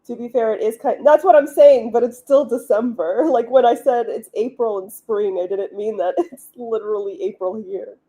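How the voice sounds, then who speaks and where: A woman's voice: fairly high pitch, normal speed, few pauses, mellow. A woman hosting a live writing stream, chatting casually with viewers, laughing often and filling her talk with "like.". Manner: chatty, giggly, many "like" fillers. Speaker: livestream host, author.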